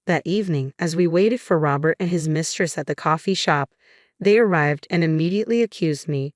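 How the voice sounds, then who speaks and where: A woman narrating a first-person drama story in an even, measured delivery. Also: sits low, dry recording, studio quality.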